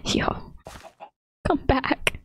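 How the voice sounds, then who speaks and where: A woman's voice: very high-pitched, a bit bright, no room sound. A woman giving casual gameplay commentary, laughing often and exclaiming in playful panic. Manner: giggly, frequent bursts of laughter. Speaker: gaming video creator.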